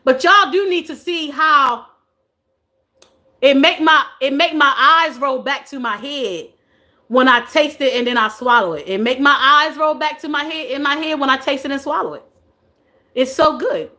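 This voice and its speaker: A woman's voice: high voice, normal speed, sharp tone. A woman in her forties hosting a casual live stream, chatting playfully with viewers, reading their comments, and laughing often. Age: 40s.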